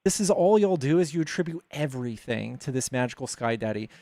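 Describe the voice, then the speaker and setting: A man's voice: mid-range voice, lively intonation, fairly quick, dark tone, no room sound. A man hosting a live debate who argues back with blunt, sarcastic pushback. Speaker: host. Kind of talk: debate with a caller.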